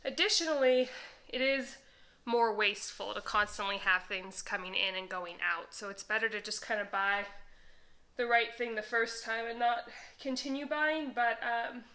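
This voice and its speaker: A young woman talks through a home vlog in a bright, clear voice, chatty and quick to laugh. She sounds a little out of breath as she goes, and her words come out crisp and lively. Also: on the high side, poor audio. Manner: chatty, laughs often, exclamatory. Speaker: vlogger. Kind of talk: casual decluttering vlog.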